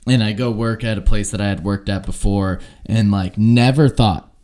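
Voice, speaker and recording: A man's voice: on the low side, steady tone, normal speed, darkish tone. Laid-back man who keeps saying "dude". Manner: laid-back, says "dude" often, swears casually. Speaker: podcast co-host. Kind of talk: casual chat.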